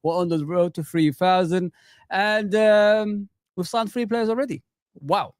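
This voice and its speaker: A man's voice: high-pitched, measured pace, dry recording, studio quality. A young adult man hosting a fan live stream, hyped and exclamatory, repeating words for emphasis. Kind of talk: excited live-stream chat.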